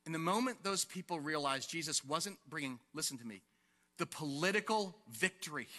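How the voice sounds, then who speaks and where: A male pastor preaching an animated sermon to his congregation, asking them questions and acting out the scene. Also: fairly high pitch, normal speed, long reverb tail. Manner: animated, asks the congregation questions and acts out quotes. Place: church sanctuary.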